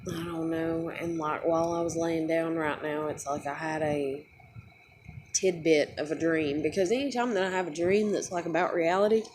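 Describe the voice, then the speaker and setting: A woman's voice: deep voice, flat delivery, moderate pace, darkish tone, slight background noise. A young woman who just woke up, tired and close to tears, rambling in an upset, swearing vlog rant full of fillers. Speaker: vlogger.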